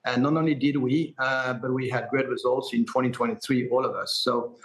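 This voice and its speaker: A middle-aged man with a French accent, speaking in a live TV business interview. He is a company chief executive, sure of himself and upbeat, answering quickly with frequent "uh" fillers. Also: medium pitch, level tone, rough recording. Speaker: hotel group chief executive.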